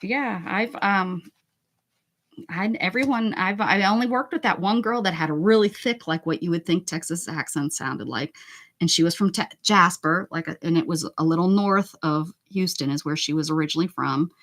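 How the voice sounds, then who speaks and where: A woman's voice: lowish voice, normal speed, fairly bright tone. A woman chatting playfully with her viewers during a casual live stream as she works on an art journal page. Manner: chatty, talks to viewers in chat while working; playful, exclaims and jokes. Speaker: livestreaming art journal creator. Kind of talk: casual live-stream chat while crafting.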